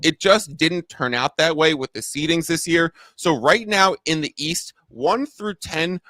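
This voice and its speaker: A man hosting a sports betting talk show, giving an energetic rundown of the day's games. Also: on the high side, no room sound, studio quality. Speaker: host.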